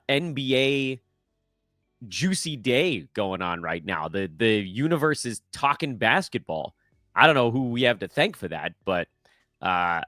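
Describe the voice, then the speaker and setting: A man's voice: mid-range voice, pushed and bright, no room sound, studio quality. A middle-aged man hosting a casual sports podcast, talking in a wry, self-deprecating, chatty way with frequent fillers. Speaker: podcast host. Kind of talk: casual fantasy basketball podcast.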